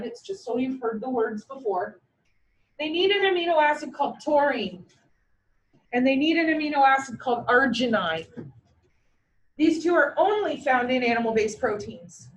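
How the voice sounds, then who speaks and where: Vet tech instructor, woman, high pitch; blunt, joking, emphatic classroom lecturing; far, roomy mic. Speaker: veterinary technician instructor. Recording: echoey room, mic far away.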